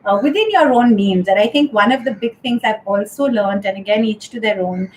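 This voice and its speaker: A woman's voice: mid-range voice, lively intonation, brisk, darkish tone, slight background noise, low-quality recording. A woman hosting a casual live-stream chat show from home, talking in a chatty way with many fillers. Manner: chatty, lots of "you know" and "um". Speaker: host of a live talk show. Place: home during lockdown.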